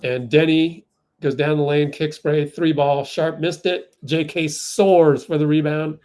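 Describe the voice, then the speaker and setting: Excitable man calling a game live. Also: on the high side, measured pace. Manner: excitable, outraged at the refs. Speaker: fan livestream host. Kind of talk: live play-by-play commentary.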